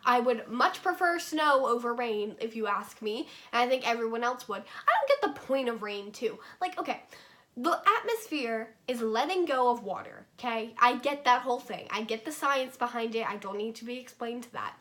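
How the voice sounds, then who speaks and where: A woman's voice: on the high side, lively intonation, normal speed, a bit bright. Chatty young woman vlogger, rambling. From North Carolina, USA. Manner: chatty, rambling, filler-heavy with frequent likes and okays. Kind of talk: casual vlog monologue.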